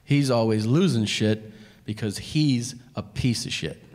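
A comedian voicing a gruff father who is blunt and scornful about his grown son. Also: medium pitch, a little slow, a little mellow, in a large hall, voice pushed down, natural voice. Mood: dismissive. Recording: live stage with background noise.

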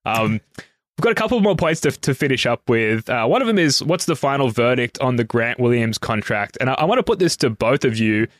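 A male podcast host who rambles through casual chat, full of ums and uhs. His voice is mid-pitched and dry, recorded close up. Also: expressive, brisk, no echo. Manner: rambling, with many fillers.

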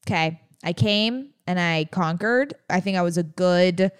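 Chatty lower-voiced woman podcast co-host. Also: measured pace, clear, resonant tone. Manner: chatty, playful, rambling with restarts. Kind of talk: casual chat.

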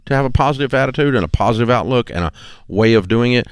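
A man's voice: medium pitch, fast talker, smooth, dry recording, studio quality. A man hosting a talk show, speaking in a blunt, folksy, rambling way with restarts. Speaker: radio show host. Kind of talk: casual talk show chat.

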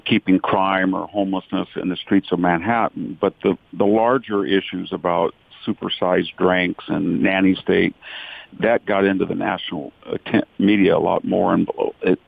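A man with a very deep, gravelly voice gives long, opinionated answers as a podcast guest. His voice comes through a tinny, dry phone line. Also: dry recording. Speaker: guest commentator. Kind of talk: political commentary in a podcast interview. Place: speaking from a rural county in California.

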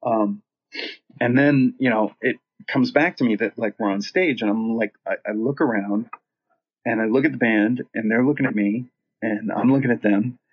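A man's voice: fairly low pitch, normal speed, lo-fi sound. A man, a band singer, telling a long story in casual chat, rambling and swearing freely.

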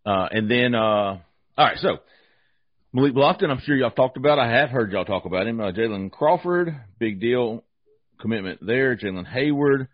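A man with a husky voice hosts a casual sports podcast. He jokes and rambles, restarting mid-sentence. The recording is dry and close but slightly muffled. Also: medium pitch, lively intonation, moderate pace, no echo. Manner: joking, rambling, talks with restarts. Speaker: podcast host.

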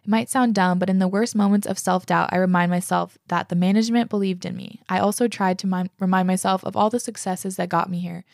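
A woman's voice: medium pitch, steady tone, fast, creaky, few pauses, a little mellow, no room sound, studio quality. A young woman hosting a casual podcast, reading listener letters aloud and chatting about them, enthusiastic and swearing freely. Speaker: podcast host.

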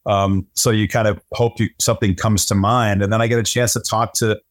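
A man's voice: lowish voice, flat delivery, fairly quick, no room sound, studio quality. A middle-aged man, a sportscaster guest, telling stories in casual conversation and often repeating words as he starts sentences.

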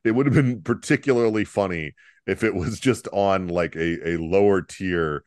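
Male podcast co-host, low voice, rambling and chuckling delivery, dry close sound. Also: moderate pace, a little mellow, no echo. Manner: rambling, many fillers and restarts, chuckling. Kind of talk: casual political comedy chat.

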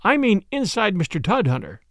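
A man doing a meek little priest sleuth in a storybook reading, his voice lifted higher than the narration and ranging lively up and down. He explains gently and placidly, with a bright eagerness. The sound is dry and close. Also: brisk, gravelly, no echo, full character voice. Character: mild, eager little male priest detective.

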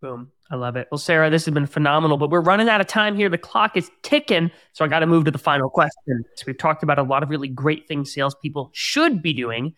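A man hosting a sales podcast, energetic and enthusiastic, reading sponsor spots and recapping takeaways. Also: fairly high pitch. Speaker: podcast host.

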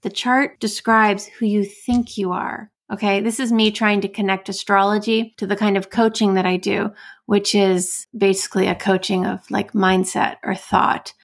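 A woman's voice: medium pitch, little pitch movement, normal speed, gravelly. An American woman hosting a solo podcast as an astrologer and coach, talking casually with playful asides and frequent self-interruptions.

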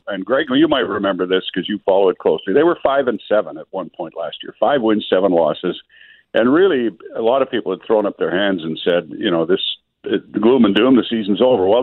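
A man giving radio sports analysis in a measured, thoughtful way. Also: on the low side, no room sound. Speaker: sports reporter. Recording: phone-line sound.

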